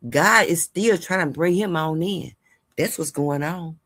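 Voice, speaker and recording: A woman with a lower voice, a somewhat slow delivery, and a slightly bright tone hosts a gossip and news channel. Talking directly to viewers in a casual vlog, she rambles chattily and hands out sincere life advice.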